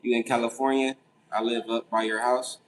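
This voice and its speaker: A young man hosting a casual late-night livestream, reading chat and answering with animated, incredulous, profane reactions. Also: medium pitch, normal speed, poor audio. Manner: animated, incredulous, swears freely. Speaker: livestream host.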